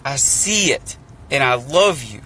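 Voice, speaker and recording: A man's voice: mid-range voice, expressive, measured pace, sharp tone, rough recording. A man speaking to his live viewers from a phone in an emotional, rambling monologue, earnest and repetitive, often saying "dude". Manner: rambling, earnest, repeats himself, says dude. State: emotionally overwhelmed. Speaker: streamer talking to live viewers. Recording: clear background noise, vehicle sounds.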